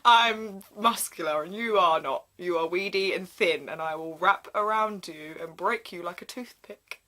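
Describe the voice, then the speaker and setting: A woman's voice: lowish voice, normal speed, sharp tone. A woman voicing a smug, muscular young man, boastful and teasing.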